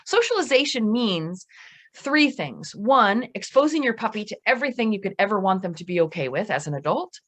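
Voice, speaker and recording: A middle-aged woman, a dog trainer giving a seminar lecture, lively and emphatic, speeding up when she gets going. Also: mid-range voice. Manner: lively, emphatic, talks fast at times.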